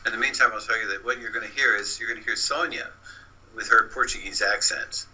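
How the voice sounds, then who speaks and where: A man's voice: fairly low pitch, quick pace, sharp tone, husky, low-quality recording. A man who is a guest researcher, patiently explaining in an interview and often answering with short backchannels.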